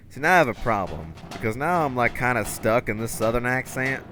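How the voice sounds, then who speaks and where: A man's voice: medium pitch, expressive, a little fast, bright, forceful tone, soft background music. A young man streaming a game, casual and self-mocking, laughing often and swearing. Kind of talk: casual gameplay commentary.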